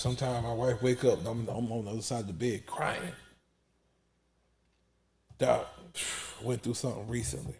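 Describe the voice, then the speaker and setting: With a fairly low, warm voice, a man in his 40s gives testimony like a forceful preacher, repeating himself and sinking nearly to a whisper in emotional moments.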